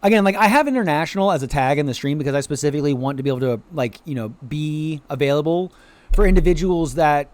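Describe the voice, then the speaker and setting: Male game streamer from the US, animated and chatty, swinging pitch, close and dry. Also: quick pace, dry recording. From United States. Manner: animated, chatty, greets viewers, playful quacking bits. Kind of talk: casual live-stream chat over gameplay.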